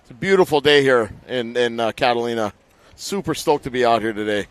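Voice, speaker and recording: A man's voice: medium pitch, lively intonation, fairly quick. A man co-hosting live race commentary in a casual, upbeat way. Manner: upbeat, easygoing, says "stoked". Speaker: race broadcast co-host. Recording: faint outdoor background noise.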